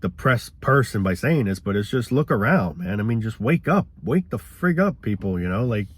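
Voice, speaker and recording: Cynical ranting man, low voice. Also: animated, moderate pace, slightly rough. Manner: cynical, rambling, profane. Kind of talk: casual ranting monologue.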